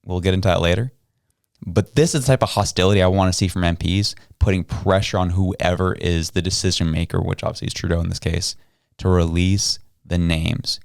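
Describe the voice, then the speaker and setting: A man hosting a political talk show, his voice sitting on the low side. He rants in a heated, emphatic way, hammering his points home. The sound is dry and close, with no room around it. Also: steady tone, fairly quick, gravelly, darkish tone, clean tone, dry recording. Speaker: podcast host.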